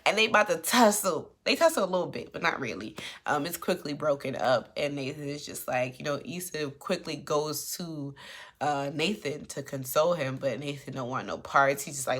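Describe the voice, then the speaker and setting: A woman with a low voice gives a chatty, sassy recap of a TV episode. She speaks with features and jumps into the characters' lines with lots of attitude. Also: moderate pace. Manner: chatty and animated, acts out characters' lines with sass. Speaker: TV recap commentator.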